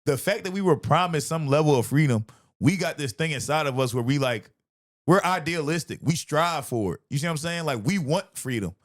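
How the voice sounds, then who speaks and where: A man, a comedian hosting a podcast, in a profane, animated comedic rant, laughing often. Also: a little high, brisk.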